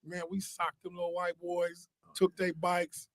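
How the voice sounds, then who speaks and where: A man's voice: high-pitched, monotone, unhurried, fairly bright tone, no echo. An older man in casual comedic banter, a boisterous storyteller who teases his friends and throws in punchlines. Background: others laughing in the studio.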